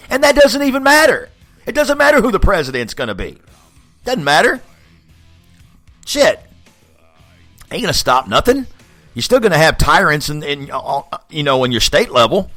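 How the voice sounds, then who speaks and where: A man's voice: high voice, a bit bright, no room sound. A man hosting a podcast, delivering a profane, blunt ranting monologue and laughing often. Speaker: podcast host.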